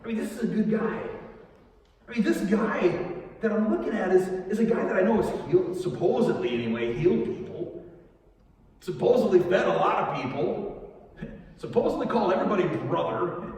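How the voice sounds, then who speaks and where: A man acting a troubled Roman soldier who builds crosses, telling his story in a rambling, halting way in a church monologue. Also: high-pitched, animated, darkish tone. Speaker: actor in a church Easter monologue. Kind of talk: dramatic monologue. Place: church sanctuary. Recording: echoey church hall, mic far off.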